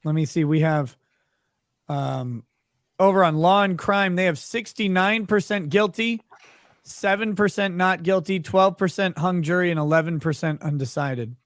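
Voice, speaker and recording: A man's voice: sits high, moderate pace, no room sound, clean studio sound. A man hosting a legal commentary stream, chatting casually with wry asides. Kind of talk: casual live-stream chat.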